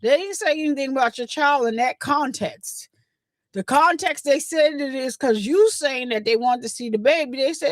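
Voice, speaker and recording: A woman, talking straight to her livestream chat. Her voice sits a bit high and the sound is dry and close. She tells the story in a chatty, animated way and acts out the other people's lines as she goes. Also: normal speed, dry recording. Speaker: livestream host. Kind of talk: casual gossip commentary.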